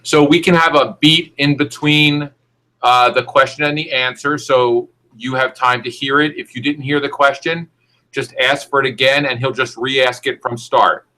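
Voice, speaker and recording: A man running a video shoot, giving brisk, directive setup instructions to the people on camera. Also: medium pitch, fairly even intonation, pushed and bright.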